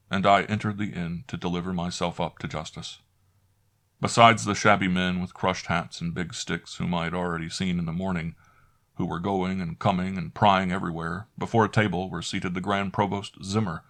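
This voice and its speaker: A man narrating a classic horror story in first person, measured and dramatic. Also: sits low, steady tone, a bit bright.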